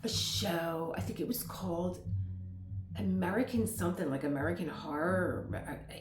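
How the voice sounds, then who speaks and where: A woman's voice: on the low side, moderate pace, echoey room, background noise. A middle-aged woman vlogger talking casually at home, rambling into tangents and laughing often. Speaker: lifestyle vlogger. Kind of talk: casual chat.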